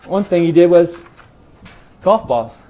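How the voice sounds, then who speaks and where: A man's voice: sits high, slow pace. A middle-aged man from Los Angeles, a triathlon club president, telling stories in a casual interview and acting out the dialogue. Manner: animated storyteller acting out quoted dialogue. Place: garage.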